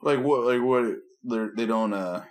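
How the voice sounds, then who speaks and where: A man's voice: mid-range voice, measured pace. A man, a preacher co-hosting a podcast, chatting casually and teasing his friend with dry sarcastic jokes. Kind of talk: casual chat.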